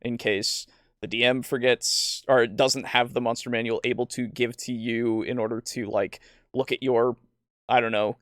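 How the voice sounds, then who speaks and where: A man in easy, casual conversation, hedging his points and adding little laughs. His voice sits at a middle pitch and is recorded close and dry. He sounds like a podcast co-host among friends. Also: normal speed, no room sound. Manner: relaxed, hedging, with fillers and small laughs. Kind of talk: casual chat.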